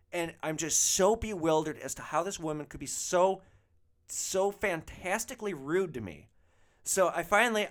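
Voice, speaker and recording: A man's voice: medium pitch, a bit bright. A man who drove rideshare, hosting a podcast and telling a comic story in a profane, exasperated way. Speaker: rideshare driver, podcast host.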